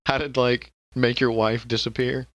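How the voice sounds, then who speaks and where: A man's voice: medium pitch, level tone, takes it slowly, a bit bright, no room sound. A man co-hosting a podcast in casual, rambling chat, swearing freely and laughing often. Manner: rambling and profane, with frequent laughter. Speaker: podcast co-host.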